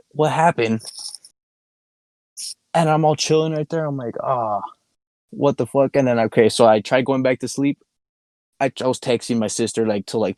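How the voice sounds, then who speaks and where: A man's voice: mid-range voice, darkish tone, dry recording. A young man co-hosting a podcast, telling a long rambling story in casual chat, swearing a lot and laughing often. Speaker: podcast co-host. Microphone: podcast microphone.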